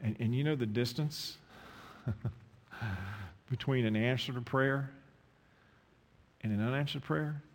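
A man preaching a sermon, emphatic, swinging from loud pointed questions to low, intimate asides. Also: slow, long pauses, in a large hall.

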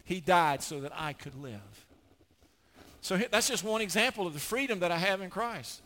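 An older man preaching a sermon, emphatic, often repeating words as he gets excited. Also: high voice, moderate pace.

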